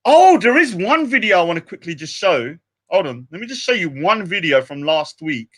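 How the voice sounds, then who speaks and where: Young British man hosting a livestream, rambling and self-mocking, bright and fairly high voice. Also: big pitch swings, moderate pace. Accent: British English. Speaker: livestream host. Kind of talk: casual livestream chat.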